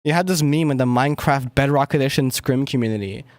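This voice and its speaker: A man's voice: medium pitch, fast talker, dry recording. Mumbly young man streaming music production. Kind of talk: casual livestream chat while making music.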